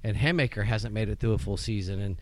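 Rambling, excitable man on a porch. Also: fairly low pitch, fast. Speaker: podcast co-host. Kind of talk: casual chat.

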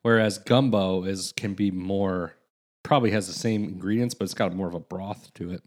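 A man's voice: low-pitched, fairly even intonation, moderate pace, darkish tone. A man around forty co-hosting a casual chat, rambling along and reading facts aloud. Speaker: podcast co-host.

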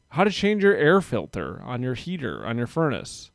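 A man's voice: medium pitch, very animated, moderate pace, hardly any pauses, no echo, clean studio sound. A man chatting casually on a podcast, rambling and self-deprecating as he talks. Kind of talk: casual chat.

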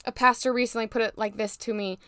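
Young woman podcast host, fired-up faith pep talk, smooth clear voice, slightly high. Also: fairly even intonation, fast talker, a bit bright, no room sound, studio quality. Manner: emphatic, preachy, fired-up encouragement.

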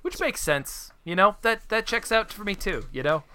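A man's voice: high-pitched, animated, normal speed, bright, forceful tone, smooth. A man co-hosting a casual podcast chat, joking and arguing playfully with lots of fillers. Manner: joking, argumentative, filler-heavy. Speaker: podcast co-host.

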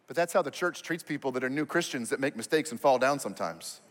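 A man's voice: medium pitch, lively intonation, quick pace, a bit bright. A male pastor preaching a sermon in a conversational, emphatic way. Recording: reverberant hall.

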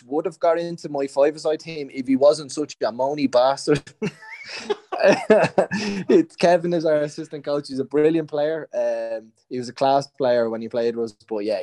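Young dublin lad, footballer, chatty and laughing, mid-pitched voice. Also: male voice. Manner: chatty, laughs often, gives shout-outs. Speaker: footballer guest. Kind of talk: casual podcast chat.

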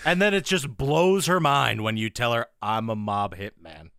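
Young man, bright voice, lively pitch, sarcastic quips, dry close recording. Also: moderate pace, clear, resonant tone, dry recording. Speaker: podcast co-host. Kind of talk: casual chat.

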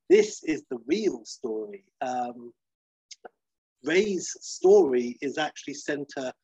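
Husky man rambling through a film pitch. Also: no room sound, highs cut off. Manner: rambling, full of fillers and restarts, acts out the characters. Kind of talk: casual film pitch retelling.

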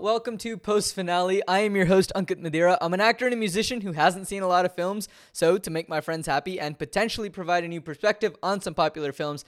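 A woman hosting a podcast in an upbeat, chatty, self-deprecating way. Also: low-pitched. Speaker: podcast host. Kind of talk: casual podcast chat.

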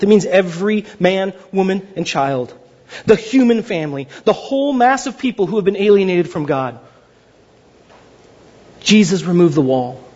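A young man preaching a sermon to his church, telling stories in a lively, self-deprecating conversational way. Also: high-pitched. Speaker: pastor. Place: church sanctuary. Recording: dull lo-fi sound.

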